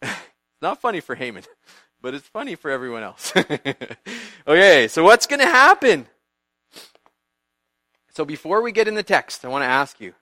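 A man giving a church youth group talk, retelling a Bible story in a lively way, acting out characters and quizzing his listeners. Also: a little high, no room sound.

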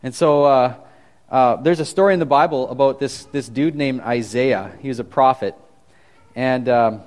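A young man giving a casual, animated youth sermon, talking conversationally with frequent restarts. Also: medium pitch, normal speed. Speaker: youth pastor.

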